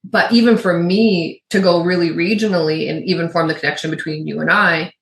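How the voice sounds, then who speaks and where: A woman's voice: on the low side, fairly even intonation, brisk, fairly bright tone. A woman in her fifties from Michigan's Upper Peninsula, with its accent, chatting animatedly as a podcast co-host. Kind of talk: casual chat. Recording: echoey room.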